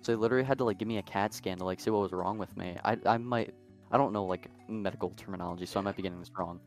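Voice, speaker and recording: A man's voice: sits low, rapid-fire, faint music behind. A young man co-hosting a podcast, telling a long story in a casual, rambling way full of fillers. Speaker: podcast co-host.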